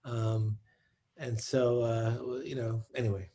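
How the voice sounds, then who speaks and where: A man answering on a discussion panel about research, thoughtful and halting, with many restarts. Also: mid-range voice, flat delivery, warm tone. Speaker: psychedelic researcher.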